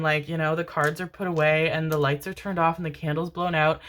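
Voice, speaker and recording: A woman's voice: low-pitched, a bit bright. A woman giving a casual tarot reading to camera, gushing and affectionate, swearing freely and calling her viewers darlings. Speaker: tarot reader.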